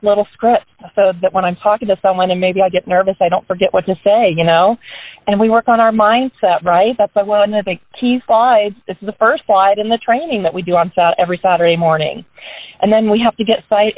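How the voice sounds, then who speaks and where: A woman's voice: mid-range voice, brisk, dry recording. A woman talks her team through a casual motivational pep talk from a parked car. She is chatty and upbeat and keeps turning statements into questions for her listeners. The sound is narrow and tinny, like a phone line, and dry, with no room around it. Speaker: business team member giving a motivational talk on a group call.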